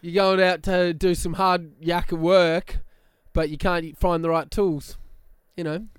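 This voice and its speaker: A young man with a high, smooth voice ribbing his co-host in a loose comedy chat. He sounds close and dry on the mic, with playful jabs and quick laughs. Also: level tone, dry recording. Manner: bantering, teasing, bursts of laughter. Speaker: podcast co-host.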